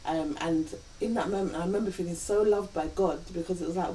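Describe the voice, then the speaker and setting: A woman's voice: on the low side, brisk, mellow. A woman sharing a personal story with her partner, earnestly quoting her own thoughts aloud. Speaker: vlog co-host. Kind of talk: reflective couple chat. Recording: distant mic with faint background hiss.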